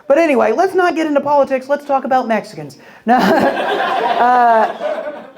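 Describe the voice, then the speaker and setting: Speaking at an extremely high pitch and a bit slowly, a stand-up comedian works through a crude, rambling set, narrating stories and mimicking the voices he quotes. Live club audio with the audience is very noisy, punctuated by laughter.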